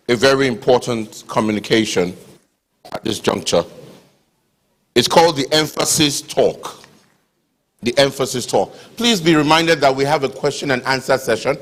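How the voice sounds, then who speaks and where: A man's voice: mid-range voice, measured pace, long pauses. Courteous man hosting an event. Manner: courteous, formal phrasing. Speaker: master of ceremonies. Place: lecture hall.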